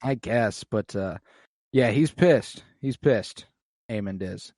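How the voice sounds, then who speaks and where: A man's voice: lowish voice, slow pace, a little mellow, no room sound. A man co-hosting a podcast who retells scenes in loose, profane casual chat. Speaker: podcast co-host.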